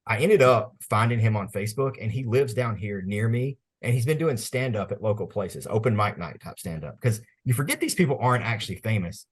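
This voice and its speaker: A man's voice: fairly low pitch, animated, a little fast, hardly any pauses, slightly rough. A man, co-hosting a podcast in casual chat, laid-back and telling stories with frequent laughs. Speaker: podcast co-host.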